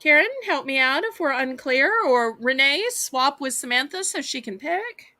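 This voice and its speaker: A woman's voice: high-pitched, lively intonation, moderate pace, sharp tone, no room sound. A woman with a Southern US accent hosting a live online auction, chatting in a folksy way and talking straight to her viewers. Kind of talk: live-stream auction selling.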